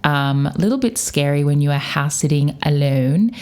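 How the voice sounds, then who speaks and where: A woman's voice: low voice, lively intonation, normal speed, a little mellow. A young Australian woman from Perth, hosting a podcast and casually telling stories, laughing often. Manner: chatty, laughing, acts out scared voices. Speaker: podcast host. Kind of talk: casual storytelling.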